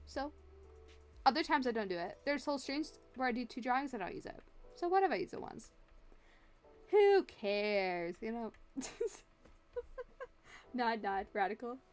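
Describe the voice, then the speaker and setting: While drawing on a livestream, this woman rambles and jokes with her viewers, answering their chat messages. She speaks in a fairly high, sing-song voice, unhurried and with frequent pauses, over faint background music.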